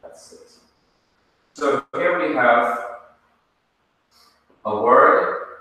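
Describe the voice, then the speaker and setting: A man teaching a Hebrew class, explaining slowly and step by step. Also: mid-range voice, animated, sharp tone. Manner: slow, explains step by step, spells things out. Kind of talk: classroom lesson. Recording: echoey hall, speaker far from mic.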